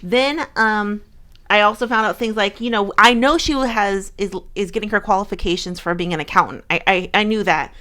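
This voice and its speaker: A young woman chatting casually as a co-host, her talk full of ums, likes and restarts. She wanders from point to point at an even, middling pitch. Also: moderate pace. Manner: chatty, rambling, many fillers and restarts. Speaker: co-host of a fan channel. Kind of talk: casual chat.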